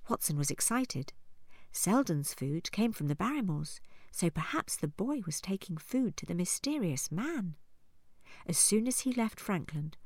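A woman with a voice on the low side narrates a story from a script, reading in a calm, measured way. The recording is dry, with clean studio sound.

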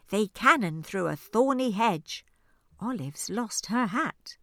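A woman reads a rhyming children's picture book aloud, her voice rising and dipping with animated expression. She takes her time, a touch higher than most. Recorded close in a dry studio. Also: measured pace, no echo. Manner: expressive, rhyming sing-song delivery. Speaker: audiobook narrator. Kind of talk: children's storybook reading. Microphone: studio microphone.

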